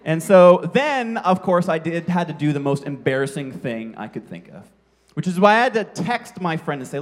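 A man with a high-pitched voice preaches a sermon and tells a comic personal story. He acts out the scene with spoken sound effects and mocks himself before turning to a plain lesson. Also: normal speed. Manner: animated storyteller, sound effects, self-mocking. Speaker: pastor.

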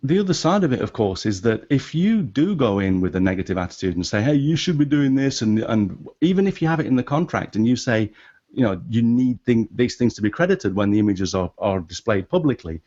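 A man with a non-American English accent talks through his point on a podcast, restarting often and rising in pitch when he gets animated. His voice sits low, and the audio is dull and lo-fi. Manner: animated, halting with many restarts. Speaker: podcast guest. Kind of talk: casual podcast discussion.

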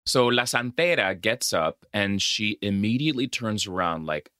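Man w/ dominican-american accent recapping a movie, voice all over the place, bright, close dry mic. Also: lowish voice, normal speed, no room sound. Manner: animated storytelling, switching between English and Spanish. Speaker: podcast co-host. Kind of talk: casual movie recap chat.

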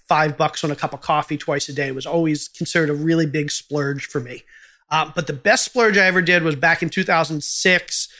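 A podcast host and entrepreneur answers interview questions earnestly, offering advice with small restarts along the way. His male voice is a little high, pushed, and bright.

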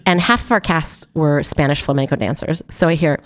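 A young adult woman telling a lively story to a host in a casual chat, laughing often. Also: deep voice, fairly quick, hardly any pauses, soft background music. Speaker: guest. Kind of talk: casual anecdote.

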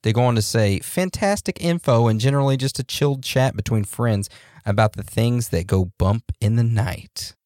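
A man co-hosting a podcast in a relaxed, joking way, reading out listener reviews with loose fillers and laughs. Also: mid-range voice, normal speed, no room sound, clean studio sound. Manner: laid-back, laughs and jokes, loose fillers. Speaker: podcast co-host.

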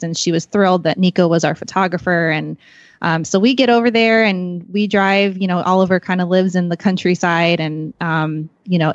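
A woman's voice: on the low side, dry recording, highs cut off. A woman chatting as a podcast guest, rambling with many fillers and calling herself awkward. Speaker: podcast guest, magazine staffer. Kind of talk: casual chat.

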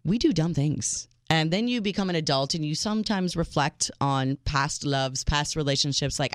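Smooth-voiced woman hosting talk radio. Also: low voice, lively intonation, moderate pace, dry recording, clean studio sound. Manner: chatty, playful, repeats the call-in number. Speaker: radio show co-host. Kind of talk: late-night call-in radio talk. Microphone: studio microphone.

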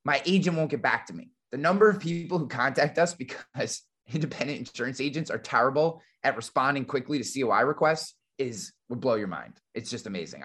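A man's voice: mid-range voice, a bit bright. A man who runs an insurance agency and hosts a podcast, teaching on a live webinar in a casual, blunt way with lots of fillers and the odd swear word. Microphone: remote webinar call.

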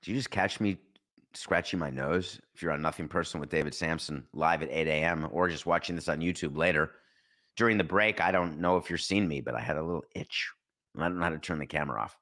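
A man hosting a sports talk show, telling stories in a playful, animated way with sudden jumps in pitch. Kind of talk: casual podcast monologue.

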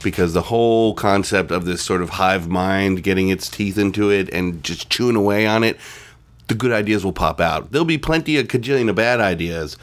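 Fast-talking, enthusiastic male co-host. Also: low-pitched. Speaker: podcast co-host. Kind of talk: casual conversation.

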